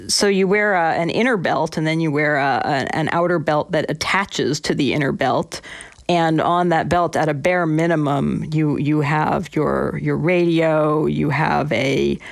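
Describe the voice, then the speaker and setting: Gravelly former cop telling stories. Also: medium pitch, measured pace, no room sound. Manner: reflective, frequent restarts and asides. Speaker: former police officer, guest. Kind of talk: interview storytelling.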